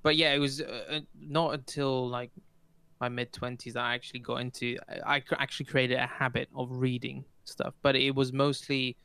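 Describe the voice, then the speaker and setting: A man's voice: medium pitch, flat delivery, moderate pace, pushed and bright, smooth, no echo. A man in his thirties co-hosting a casual podcast chat, talking in a hesitant way with many restarts. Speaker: podcast co-host.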